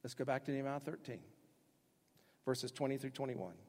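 Husky-voiced preacher man in a reverberant hall. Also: medium pitch, brisk. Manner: emphatic preaching with sudden loud acted-out quotes. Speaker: pastor. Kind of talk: sermon.

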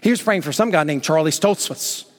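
A man preaching a sermon as pastor, urging his listeners on and telling a story in lively acted quotes. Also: a little high, brisk. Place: church sanctuary. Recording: long hall reverb.

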